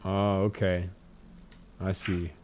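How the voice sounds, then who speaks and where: A man's voice: sits low, flat delivery, slow. Easygoing man chatting on speakerphone. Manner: playful, teasing, gentle with his child. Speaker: streamer and father. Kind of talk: casual phone chat.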